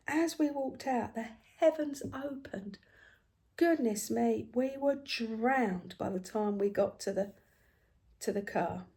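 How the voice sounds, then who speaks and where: A woman's voice: on the high side, unhurried, long pauses. Chatty older woman storyteller. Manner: chatty, animated storytelling, dropping to hushed asides. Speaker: craft vlogger. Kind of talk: casual storytelling while stitching.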